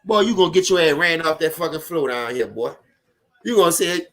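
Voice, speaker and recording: Man, New Orleans accent, high-pitched, loud and profane, live sports chat host. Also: fairly quick. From Louisiana. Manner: loud, profane, animated, chatting with viewers. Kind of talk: casual live sports commentary.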